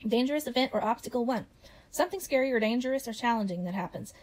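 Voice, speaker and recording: Woman reading kids story examples, kinda high voice, expressive. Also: fast talker, low-quality recording. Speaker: writing teacher.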